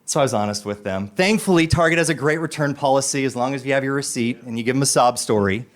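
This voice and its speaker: A man's voice: medium pitch, quick pace. A man telling a personal story about his son on a podcast, acting out the voices of the people in it. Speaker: guest storyteller.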